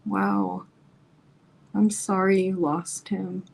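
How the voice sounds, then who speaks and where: A woman's voice: mid-range voice, flat delivery, very slow, creaky, a little mellow. A woman hosting a casual live stream, reading viewer comments aloud and reacting to them in a chatty, emphatic way, her voice getting worn.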